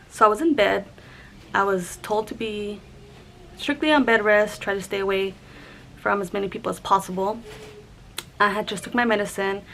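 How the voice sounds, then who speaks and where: A young woman vlogger telling a personal story to camera in a halting, conversational way, with many restarts and fillers. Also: mid-range voice, a bit bright, a little hiss or hum, low-quality recording.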